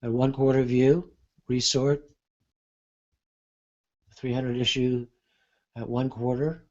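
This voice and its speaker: A man giving an unscripted software demonstration, thinking aloud with frequent pauses and fillers. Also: medium pitch, level tone, highs cut off. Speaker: market analyst demonstrating software. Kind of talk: unscripted screen-share demo.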